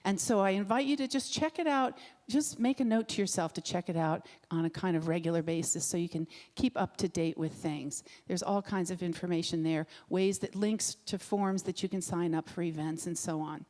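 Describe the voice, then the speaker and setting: A woman's voice: lowish voice, moderate pace, hardly any pauses, darkish tone. Woman making announcements in a reverberant sanctuary. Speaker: announcer at a spiritual center. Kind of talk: church announcements. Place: church sanctuary.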